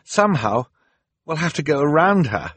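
A man's voice: fairly high pitch, sing-song, moderate pace, a bit bright, slightly rough, no room sound, voice pushed up, full character voice. A man voicing a brave, clever young girl who speaks urgently with a raised voice.

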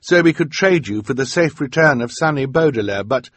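A man's voice: mid-range voice, animated, brisk, fairly bright tone, no echo, pitched above the performer's own voice. A man doing a fierce young girl. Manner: urgent, fierce cries.

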